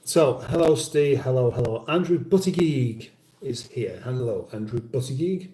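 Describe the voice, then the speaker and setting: A man's voice: medium pitch, animated, moderate pace, warm tone, echoey room, poor audio. A middle-aged British man hosting a casual livestream, reading out viewer comments in a dry, wry, mock-formal way and sounding a little weary. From United Kingdom. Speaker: livestream host.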